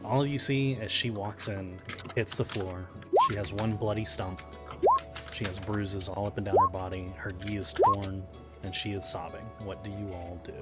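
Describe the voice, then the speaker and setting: A man narrating a tabletop game as game master, in measured, descriptive storytelling. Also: fairly low pitch, fairly even intonation. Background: background music.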